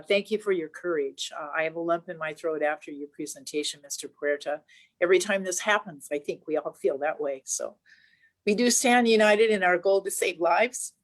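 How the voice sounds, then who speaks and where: Woman legislator at a press conference, lower voice, earnest and measured, reading prepared remarks. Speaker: state senator.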